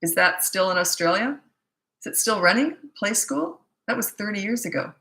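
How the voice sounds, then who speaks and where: An older woman, a parenting coach, answering viewer questions in a quick, chatty live-stream Q&A from a phone. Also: medium pitch, lively intonation, vocal fry, sharp tone. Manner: fast-talking, chatty. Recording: echoey room.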